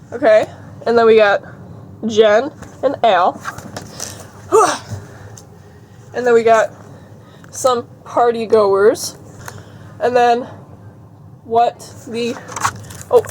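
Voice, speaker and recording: A young adult woman with a slightly high, darkish voice chats in a vlog, giggling as she reads items aloud. There's a little hiss or hum in the clip.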